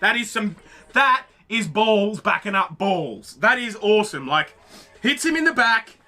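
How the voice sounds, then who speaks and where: A man, reacting excitedly to clips, swearing freely and calling out at the screen. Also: sits high, unhurried. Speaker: reaction video host. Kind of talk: casual reaction commentary.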